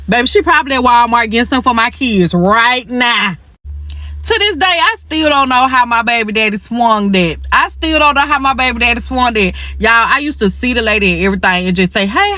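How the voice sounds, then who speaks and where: A young woman tells her story frankly and breezily, full of slang. Her voice sits fairly high, and the recording is dry and close. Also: pushed and bright, no echo. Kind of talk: casual storytime.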